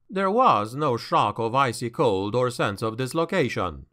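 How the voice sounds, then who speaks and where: A man narrating a dark fantasy audiobook in a measured, dramatic way. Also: mid-range voice, big pitch swings.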